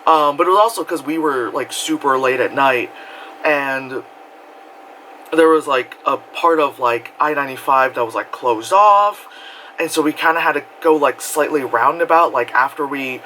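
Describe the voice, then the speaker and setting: A young man telling a story in casual vlog style, rambling with lots of fillers and breaking into loud screams and laughter. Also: mid-range voice, moderate pace, slight background noise, rough recording. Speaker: vlogger.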